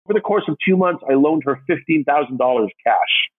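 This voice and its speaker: A man's voice: lively intonation, fairly quick, breathy edge, phone-quality sound. A man animatedly telling his own story, acting out the voices of the people in it. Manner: acts out others' voices with big pitch jumps.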